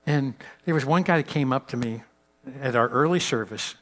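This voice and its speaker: A man speaking at a pastors' conference in a mid-range voice. He tells stories with animated energy, jumping up in pitch and volume, then pulling back to a hushed, slow delivery to make a point. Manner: animated storyteller, swings pitch and loudness. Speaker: guest speaker. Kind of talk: leadership talk to pastors.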